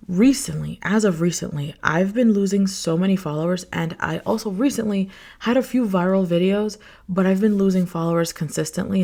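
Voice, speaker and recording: A woman's voice: mid-range voice, a little mellow. A young adult woman hosting her own podcast, talking in a rambling, candid way, full of fillers and asides as she vents to the camera. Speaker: podcast host. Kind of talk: casual solo podcast chat.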